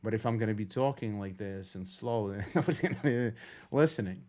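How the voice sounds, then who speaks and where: Calm, rambling man streaming trading talk. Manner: rambling, frank, swears casually, many fillers and restarts; deliberately calm, low-key delivery. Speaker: trading educator streaming live. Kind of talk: casual live-stream commentary.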